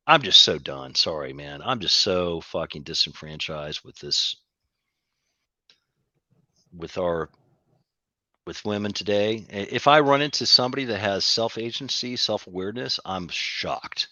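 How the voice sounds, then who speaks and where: A man's voice: lowish voice, animated, a little slow, sharp tone, dry recording, highs cut off. Profane, fed-up man ranting on a call. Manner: profane, frustrated, rambling. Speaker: caller on a livestream. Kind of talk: angry venting chat.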